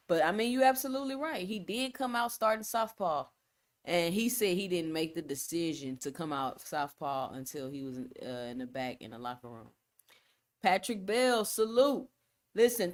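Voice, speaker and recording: A woman from Texas with a Texan accent, hosting a solo live stream, talking in an emphatic, repetitive way with casual slang and reading the chat. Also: fairly low pitch. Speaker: boxing channel host.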